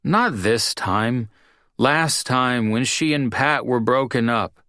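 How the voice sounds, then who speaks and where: A man's voice: mid-range voice, animated, takes it slowly, bright, forceful tone, no echo, clean studio sound, pitched above the performer's own voice. A man doing a drunk, mumbling bad-boy bartender. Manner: slurred, mumbling. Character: drunk, self-pitying young male bartender. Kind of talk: audiobook character voice.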